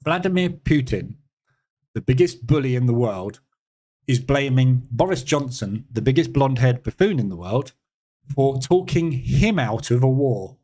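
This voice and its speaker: A man's voice: mid-range voice, animated, a little slow, dark tone. A man with a British accent hosting a live trading room, chatting casually and sarcastically while answering viewer comments. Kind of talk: casual live-stream chat.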